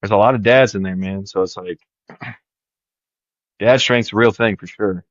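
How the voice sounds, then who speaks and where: A man co-hosting a podcast, talking in a relaxed, halting way with lots of fillers. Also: on the low side, no echo, highs cut off. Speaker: podcast co-host. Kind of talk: casual podcast chat.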